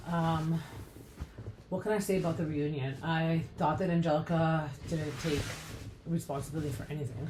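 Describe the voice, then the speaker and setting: A woman's voice: low voice, a little mellow, a little hiss or hum. A woman hosting a podcast, recapping reality TV in a chatty, blunt way with many fillers and some swearing. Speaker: podcast host.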